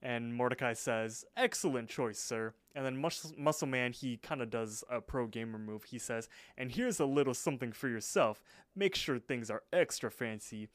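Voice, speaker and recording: A young man at mid pitch talks through a cartoon episode scene by scene in a loose podcast chat, and the recording is dry and close, with no room sound. He keeps jumping into quick character voices for the lines he quotes. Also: dry recording. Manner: retells scenes, voicing characters in quick impressions. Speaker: podcast co-host. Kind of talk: casual episode recap.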